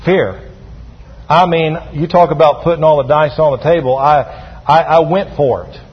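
A pastor preaches a sermon in a church sanctuary, calling on the congregation to answer back in call-and-response. His voice sits on the high side with a breathy edge, moving at normal speed. The recording sounds dull, with long hall reverb.

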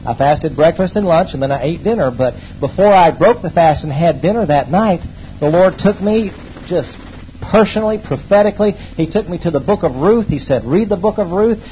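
A high-pitched man preaches to his congregation, pushing lines out loud and then dropping into quiet asides. He calls on the people to say things back to him. The recording sounds dull and a bit lo-fi, with a faint hiss underneath. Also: animated, normal speed. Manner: emphatic preaching, swinging from loud exclamations to low asides. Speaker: pastor. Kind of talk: sermon. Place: church hall before a congregation.

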